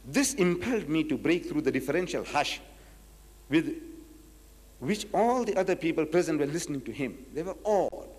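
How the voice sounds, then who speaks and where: A man's voice: on the high side, animated, normal speed, a little mellow, slightly rough, in a large hall. A man giving a public lecture, reading quotes from a book and pressing his point with emphatic rhetorical questions. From South Africa. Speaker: Islamic lecturer.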